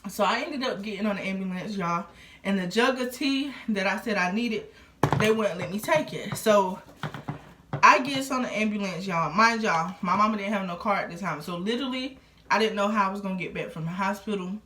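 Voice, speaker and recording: A woman's voice: mid-range voice, a little fast, pushed and bright, slight background noise. A young adult woman vlogging a casual storytime, rambling along with lots of fillers. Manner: rambling, filler-heavy, conversational. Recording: roomy echo.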